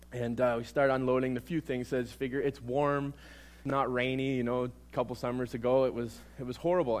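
A young man preaches by telling a story on himself. His telling is animated and self-mocking, and his voice sits at an ordinary middle pitch. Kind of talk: sermon told as a personal story.

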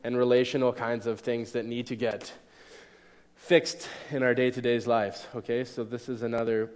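Speaking to his congregation conversationally and at ease, a young pastor keeps making sure everyone is keeping up. His voice is medium-pitched, clear and resonant, at a moderate pace, ringing with the long echo of a big hall.

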